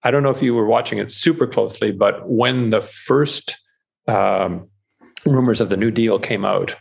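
A man, an author being interviewed, talking in a casual podcast conversation, animated and full of restarts, acting out quoted voices. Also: on the low side, moderate pace, creaky, husky. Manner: animated, repeats and restarts words, acts out quoted inner voices. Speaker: author guest.

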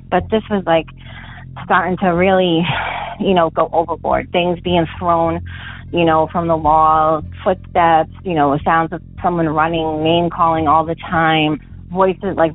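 A young woman calling in to tell a paranormal story, rambling with many fillers and rising high when she recalls the panic. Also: dry recording. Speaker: caller telling a paranormal story. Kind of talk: voicemail story, casual telling. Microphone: phone. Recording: tinny phone line, dry.

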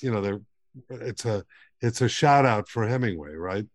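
A man's voice: on the low side, moderate pace. A man hosting a literary podcast, asking long rambling questions that often end in "right?". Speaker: podcast host. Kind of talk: conversational interview.

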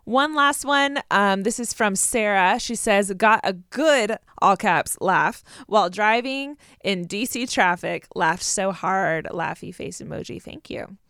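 A woman co-hosting a casual podcast, reading listener messages aloud in a relaxed, chatty way. Her voice sits at an ordinary middle pitch. The sound is dry and close, with no room around it. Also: unhurried, few pauses, clear, resonant tone, dry recording. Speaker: podcast co-host. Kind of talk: casual chat.

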